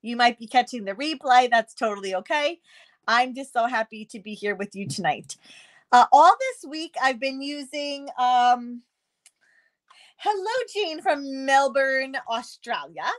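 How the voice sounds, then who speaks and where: Chatty woman w/ a high voice doing a live craft stream, laughs a lot, says hi to everyone. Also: lively intonation, a little slow, fairly bright tone. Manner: chatty, bubbly, greets viewers by name, laughs often. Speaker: paper craft demonstrator hosting a live stream. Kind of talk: casual live-stream chat.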